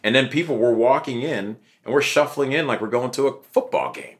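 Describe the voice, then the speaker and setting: A young man, an interview guest, telling his story in a casual, animated way and acting out what others said. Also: mid-range voice, fairly quick. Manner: animated, acts out quotes of others.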